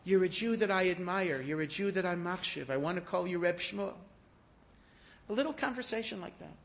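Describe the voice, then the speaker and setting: A man giving a sermon, telling stories in an animated way that rises to emphatic peaks. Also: high-pitched, fairly quick, gravelly, slight background noise. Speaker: rabbi giving a talk. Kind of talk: storytelling sermon.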